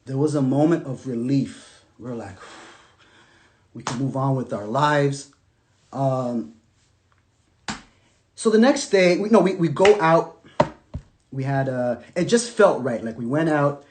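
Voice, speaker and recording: A man telling his own story to camera in casual storytelling, animated, with loose slang, swinging from loud outbursts to quiet murmurs. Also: medium pitch, slow pace, long pauses, a little hiss or hum. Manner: loose slang, many restarts and fillers.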